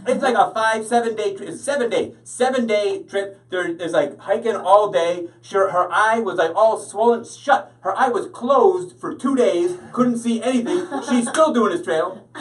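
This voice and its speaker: A man doing a stand-up comedy set in a deadpan, rambling way, full of fillers and restarts, heard from away from the mic. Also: high voice, normal speed. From Canada. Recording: voice from far off the mic.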